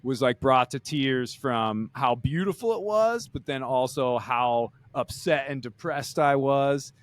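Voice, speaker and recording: A man hosts a sailing podcast in casual conversation. He thinks aloud and reflects, often restarting his sentences. His voice sits in the middle range and sounds smooth and resonant. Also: mid-range voice, unhurried, dry recording. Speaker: podcast host and sailor.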